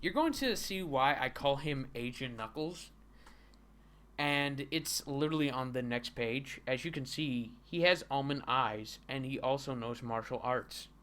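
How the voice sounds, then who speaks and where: A man's voice: medium pitch, expressive, measured pace, fairly bright tone. A young man hosting a livestream and giving sarcastic, laughing commentary while reading a comic, with frequent stammered restarts. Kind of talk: casual comedic commentary.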